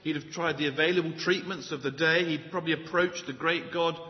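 A man's voice: fairly high pitch, fairly quick. A man preaching a sermon, opening with a joke and asking the listeners rhetorical questions. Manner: animated storyteller, rhetorical questions. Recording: dull audio in a reverberant hall.

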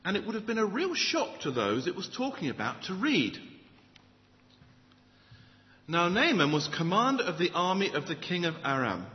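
Lively preacher man in a hall. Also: high-pitched. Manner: animated storyteller, rhetorical questions. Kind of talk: sermon. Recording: dull audio in a reverberant hall.

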